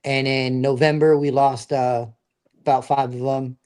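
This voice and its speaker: A man's voice: mid-range voice, level tone, measured pace, darkish tone, clean tone. A middle-aged man, a veteran guest, telling his stories in a casual, earnest, plain-spoken way. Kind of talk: casual storytelling.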